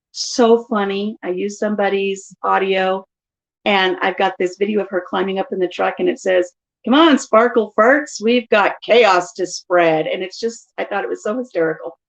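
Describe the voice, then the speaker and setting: A middle-aged woman casually telling stories in an animated way during a live chat at home. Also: mid-range voice, muffled recording. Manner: chatty, animated storytelling. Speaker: vlogger.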